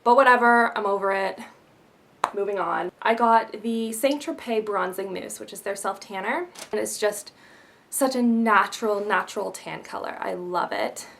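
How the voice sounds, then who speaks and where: Young woman, from Canada, beauty vlogger, casual haul chat, bubbly, self-mocking, middle pitch. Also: normal speed, gravelly, fairly bright tone, slight background noise.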